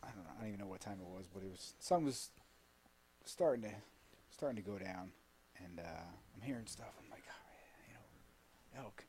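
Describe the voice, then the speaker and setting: A man guest on a podcast telling a hunting story casually, animated and laughing, swearing freely. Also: on the low side, fairly quick, pauses often, a little hiss or hum. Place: studio.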